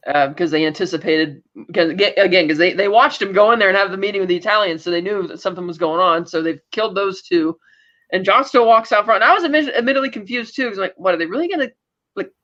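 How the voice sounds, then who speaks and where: Woman recapping in a dull lo-fi call. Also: fairly low pitch. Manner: animated retelling that acts out quoted lines, with laughs. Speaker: podcast co-host. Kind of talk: casual recap chat. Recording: dull lo-fi sound.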